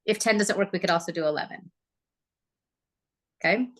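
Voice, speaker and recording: A woman giving a live real estate training talk, chatty and lively, often asking the audience questions. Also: mid-range voice, moderate pace, pauses often. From Oregon, USA.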